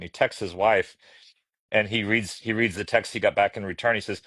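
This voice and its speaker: A man's voice: fairly low pitch, lively intonation, fairly quick, a bit bright, dry recording. Chatty middle-aged man telling anecdotes. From United States. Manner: chatty, laughing, many restarts. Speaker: guest, children's book illustrator. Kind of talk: casual storytelling conversation.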